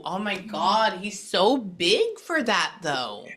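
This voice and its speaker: A woman psychic medium in a spirit reading session with a client, speaking in an earnest, reassuring way, with frequent halting pauses and asides as she relays messages. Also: medium pitch, big pitch swings, fairly bright tone, husky.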